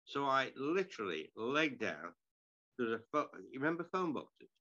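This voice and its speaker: A man's voice: medium pitch, big pitch swings, normal speed, sharp tone, dull audio. An older man, telling stories from his broadcasting career in a rambling, self-deprecating way. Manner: rambling, self-deprecating, frequent restarts and throat-clearing. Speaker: interview guest, retired sports broadcaster. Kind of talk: conversational storytelling.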